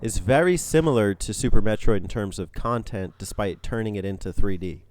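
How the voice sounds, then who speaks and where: A man co-hosting a gaming podcast, talking in a relaxed, rambling way with plenty of fillers. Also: lowish voice, a little fast. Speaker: podcast co-host. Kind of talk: casual gaming podcast chat.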